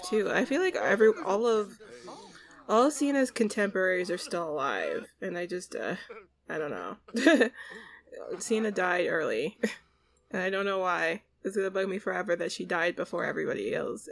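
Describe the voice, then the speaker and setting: A woman's voice: mid-range voice, vocal fry. Chatty woman gamer, laughing often. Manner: chatty and rambling, laughs often, audibly sentimental. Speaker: gaming channel host. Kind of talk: casual let's-play commentary.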